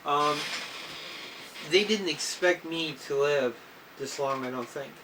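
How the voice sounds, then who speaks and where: A man in a personal video diary, talking haltingly with many fillers and clearing his throat and coughing now and then. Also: a little high, sharp tone. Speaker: vlogger. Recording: slightly distant mic with faint noise.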